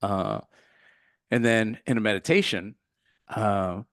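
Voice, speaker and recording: Low-voiced man telling a reflective story. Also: slow pace, fairly bright tone, no room sound, clean studio sound. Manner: reflective, earnest, searching for words. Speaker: meditation teacher, podcast guest. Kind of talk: casual interview storytelling.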